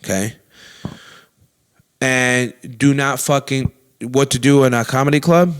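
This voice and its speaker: A young adult man and comedy show host, telling a story in a loud, animated way with constant swearing and acted-out quotes. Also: mid-range voice, measured pace, clean tone.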